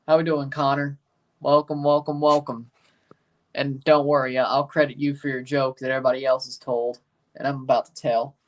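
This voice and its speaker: A man hosting a casual livestream, rambling, chatting with viewers and turning loud and emphatic when he passes judgment. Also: mid-range voice, little pitch movement, normal speed, distant mic. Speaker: livestream host ranking soccer kits.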